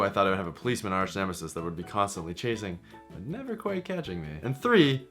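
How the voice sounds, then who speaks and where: A young man from Massachusetts vlogs with comic self-mockery, tossing in asides as he goes. His voice sits a little low yet sounds bright and forward, and his pitch swings widely. Faint music plays underneath. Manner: animated, self-mocking, jokey asides. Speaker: vlogger. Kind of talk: comedic storytelling to camera.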